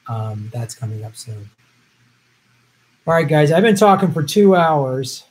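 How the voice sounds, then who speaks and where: A man with a slightly raised pitch hosts a live stream, talking loosely and bluntly. He gives running commentary full of strong opinions and profanity, in an offhand, unscripted way. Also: very animated, a little slow, rough recording. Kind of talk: live election-night commentary.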